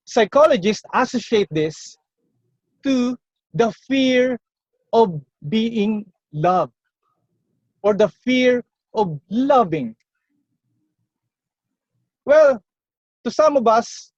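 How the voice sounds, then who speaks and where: A man delivers a prepared contest speech from home, unhurried and earnest, pausing between phrases. The sound is dull and lo-fi, dry with no room echo, as if captured over an online call. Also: sits high, a little mellow. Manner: slow, earnest, personal storytelling with pauses. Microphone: computer or phone mic on a video call.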